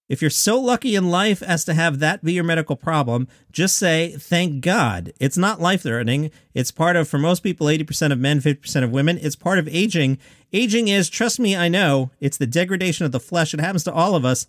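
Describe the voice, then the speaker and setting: A man with a slightly raised pitch hosts a comedy news podcast. He reads other people's quotes aloud and drops wry asides in between. The sound is dry and close, with no room echo. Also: animated, a little fast. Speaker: podcast host.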